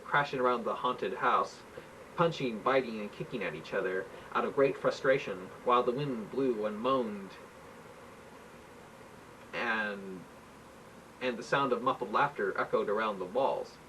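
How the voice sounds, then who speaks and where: A man reads his own writing aloud in a plain manner, stumbling and restarting now and then. His voice sits at an ordinary male pitch. The recording is distant, with a faint hiss underneath. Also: moderate pace, pushed and bright. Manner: plain reading with slips and restarts. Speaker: amateur writer reading his own work. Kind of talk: home-recorded reading aloud. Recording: faint hiss, mic far off.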